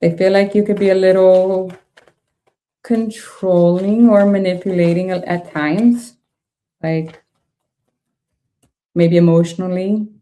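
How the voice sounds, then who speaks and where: Woman tarot reader, low mellow voice, chatty and reactive. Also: steady tone, slow, long pauses. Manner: thinks aloud, laughs often, frank reactions. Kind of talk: casual tarot reading.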